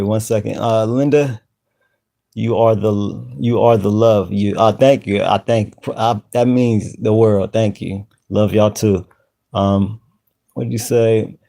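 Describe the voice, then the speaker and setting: A man hosting a casual live stream, greeting viewers by name in relaxed slang. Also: on the low side. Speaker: channel host.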